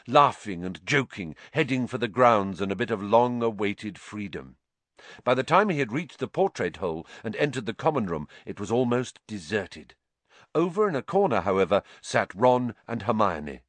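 Guy narrating a storybook, lowish voice, pitch moves a lot, dry close sound. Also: dry recording. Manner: expressive, measured storytelling. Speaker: audiobook narrator. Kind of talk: scripted narration.

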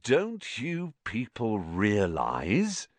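A man voicing a pompous, self-satisfied adult male teacher who talks slowly and condescendingly in an audiobook reading. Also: lowish voice, wildly swooping pitch, no echo, heavily acted. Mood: smug, patronizing. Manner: slow, condescending, overly cheerful. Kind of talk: audiobook character voice.

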